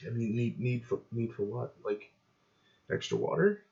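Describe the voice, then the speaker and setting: A man doing a halting, unsure gnome captive. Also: medium pitch, warm tone, close to an everyday voice. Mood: hesitant. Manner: hesitant, halting. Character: weary captive male gnome prisoner. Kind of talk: voicing a character in a tabletop game. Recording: dull lo-fi audio.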